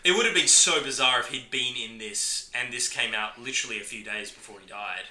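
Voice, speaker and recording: A man co-hosting a film podcast in casual chat, talking with eager enthusiasm and quick to gush. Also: medium pitch, bright, forceful tone. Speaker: podcast co-host. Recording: echoey room.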